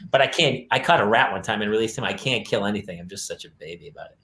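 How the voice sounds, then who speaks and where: A man co-hosting a parenting podcast, telling animated family stories and playing his children's voices. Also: fairly low pitch, rapid-fire. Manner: animated storyteller, acts out his kids' voices. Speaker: podcast co-host. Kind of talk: casual chat. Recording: roomy echo.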